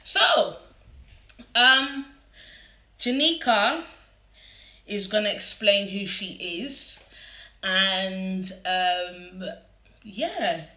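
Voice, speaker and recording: A woman's voice: mid-range voice, animated, very slow, pauses often, sharp tone, echoey room. A woman with a London accent hosting a casual live interview, chatty and bubbly. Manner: chatty and bubbly, laughs often. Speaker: host. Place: living room.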